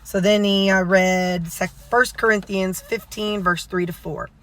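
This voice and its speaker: Woman vlogger, rambling sermon recap from her car, middling pitch, lots of fillers. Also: fairly even intonation, unhurried, a bit bright. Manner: rambling, with many fillers and self-corrections. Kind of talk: casual retelling of a sermon. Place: inside a car.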